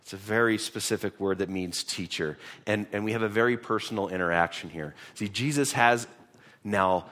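A man's voice: fairly low pitch, normal speed, fairly bright tone. A man, a pastor, teaching through a Bible passage in a conversational sermon, often repeating words as he restarts. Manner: conversational, repeats words when restarting, reads scripture aloud.

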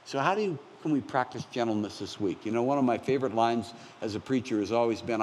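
A pastor in his sixties preaching a conversational, animated sermon with self-deprecating asides. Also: mid-range voice, fast, hardly any pauses, a little hiss or hum. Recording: long hall reverb, faint ambience.

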